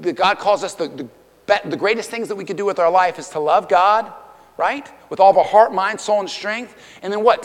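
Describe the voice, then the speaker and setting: A man in his forties preaching a sermon in a church, emphatic and swinging between loud declarations and hushed stretches. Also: high voice. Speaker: pastor. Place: church auditorium. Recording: long hall reverb.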